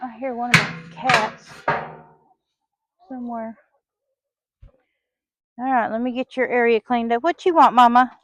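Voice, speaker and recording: Here a farm vlogger does her chores in an outdoor hen pen on a small farm, chatting away and scolding the birds like children in a sing-song tone. Her voice is a little high and level, unhurried, with frequent pauses. It's captured in a dull, lo-fi outdoor recording.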